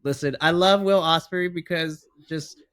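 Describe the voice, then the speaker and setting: Excited bright-voiced man recapping wrestling. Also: fairly high pitch, unhurried, clean tone. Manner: enthusiastic, recaps events, mimics wrestlers. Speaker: podcast co-host. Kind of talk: casual wrestling podcast chat.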